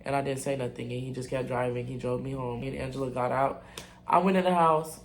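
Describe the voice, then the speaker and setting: A man's voice: medium pitch, steady tone, fast talker, a little hiss or hum. A young man telling a casual storytime to his viewers, candid, blunt and full of profanity. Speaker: vlogger.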